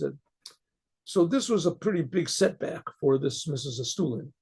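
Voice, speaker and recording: Gravelly, halting rabbi telling a story. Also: male voice, fairly high pitch, expressive, darkish tone. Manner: halting, many restarts and fillers, clears throat often. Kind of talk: casual spoken storytelling.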